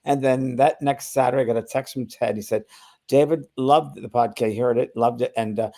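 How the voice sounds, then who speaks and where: A man's voice: mid-range voice, fairly even intonation, fairly quick, mellow. An older man and spiritual medium, telling a long anecdote in a rambling way, full of restarts and acted-out quotes. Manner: rambling, many restarts and fillers, acts out quoted voices. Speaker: spiritual medium, podcast guest storyteller. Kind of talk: casual anecdotal storytelling.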